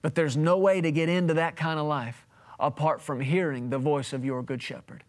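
A man in his thirties preaching a televised sermon in a conversational, emphatic way, his voice swinging widely between loud and quiet. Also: fairly high pitch, steady tone, normal speed.

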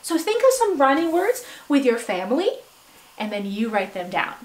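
A woman teaching a phonics lesson to young children, slow and encouraging, stretching out word sounds, with bursts of excited praise. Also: sits high, distant mic. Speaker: substitute teacher. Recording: echoey room, voice from off-mic.

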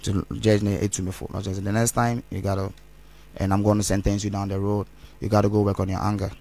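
A man's voice: on the low side, little pitch movement, quick pace, vocal fry, mellow. A man, rambling as an interview guest and mixing Twi phrases into his English. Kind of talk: candid interview talk.

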